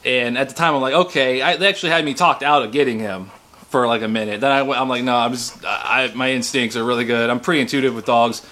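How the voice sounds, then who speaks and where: A man's voice: steady tone, quick pace, pushed and bright. Casual man talking about his dog. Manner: talks to dogs in a high baby voice, then chats casually. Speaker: dog owner. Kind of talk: casual home video chat. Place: at home. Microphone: handheld camera.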